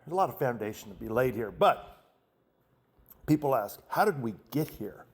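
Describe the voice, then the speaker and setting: A man's voice: medium pitch, expressive, moderate pace, slightly rough. A man in his fifties hosting a show, talking in an impassioned, emphatic monologue that often restarts its sentences. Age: 50s. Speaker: show host. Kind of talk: monologue commentary.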